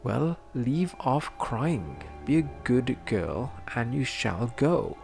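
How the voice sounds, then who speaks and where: A man voicing a kindly fairy godmother who gives brisk, motherly orders. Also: mid-range voice, big pitch swings, creaky, a little mellow, full character voice. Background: music.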